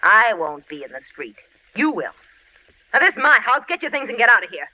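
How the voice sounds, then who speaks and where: An actress playing a vengeful wife who is turning into a cat, in 1940s radio acting style. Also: female voice, big pitch swings, brisk. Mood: taunting. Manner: taunting, later shrill and panicked. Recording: muffled old radio drama recording.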